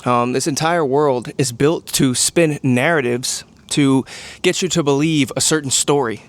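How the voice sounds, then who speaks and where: A man's voice: mid-range voice, a little slow. A man talking casually to camera in a motivational monologue, rambling with lots of "um" and "you know". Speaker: vlogger.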